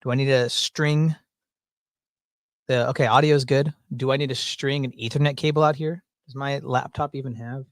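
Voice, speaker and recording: A man's voice: mid-range voice, steady tone, normal speed, no echo, studio quality. A man hosting his own livestream from home, chatting casually in a rambling, joking, folksy way. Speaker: livestream host. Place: at home, indoors. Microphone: desk mic through mixer with headphones.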